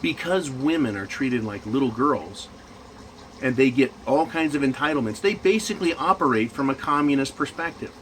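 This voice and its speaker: A man's voice: fairly high pitch, expressive, moderate pace, fairly bright tone, a little hiss or hum, low-quality recording. A man in management ranting crudely and mockingly in a profane monologue. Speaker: commentator.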